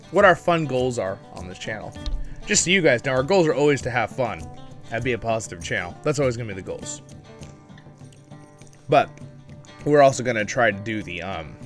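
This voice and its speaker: A man's voice: medium pitch, fairly bright tone. A man hosting a casual livestream, chatty and upbeat, greeting viewers by name and laughing often, with a bit of a morning voice. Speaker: livestream host.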